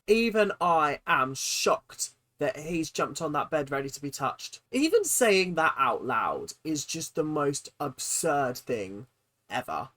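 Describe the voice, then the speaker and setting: A person hosting a comedic reaction video, incredulous and exaggerated, jumping between loud outbursts and low mutters, laughing and swearing casually. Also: big pitch swings, slow. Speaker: reaction channel host.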